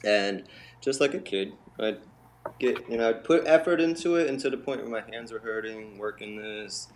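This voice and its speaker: Man, lowish voice, interview guest, storytelling, animated, acts out quotes. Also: normal speed, a little hiss or hum. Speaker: interview guest, bodywork healer. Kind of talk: storytelling in conversation.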